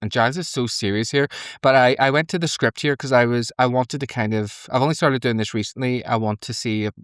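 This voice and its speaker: A young man chats through a television episode for his podcast, animated and quick to laugh as he recaps the scenes. His voice sits at an ordinary middle pitch. The sound is dry and close, with no room around it. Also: clear, resonant tone, no echo. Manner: animated, laughing, mimics characters in high squeaky voices. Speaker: podcast co-host. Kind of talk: casual reaction commentary.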